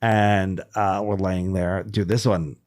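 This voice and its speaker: A man's voice: deep voice, little pitch movement, slow, a little mellow. A middle-aged man, a comedian guest on a podcast, telling a personal story in casual chat, candid and swearing freely.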